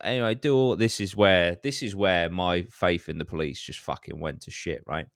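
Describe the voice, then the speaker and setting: Sweary low-voiced man telling a story. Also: moderate pace, no echo, studio quality. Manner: heavy swearing, animated ranting. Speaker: podcast host. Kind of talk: casual storytelling chat.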